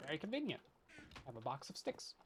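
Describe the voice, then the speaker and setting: With a medium-pitched, fairly bright voice that swings wildly in pitch, this man talks fast while streaming Minecraft, and there's slight background noise. Joking, self-deprecating, and laughing often, he rambles through chatty asides to his viewers in a casual let's-play.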